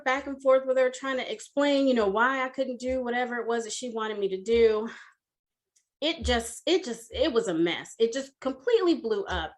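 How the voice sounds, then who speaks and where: A woman in her forties with a somewhat high voice tells a personal story as a coach. She talks in an expressive, animated way, with frequent fillers. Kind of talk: storytelling talk at an online summit.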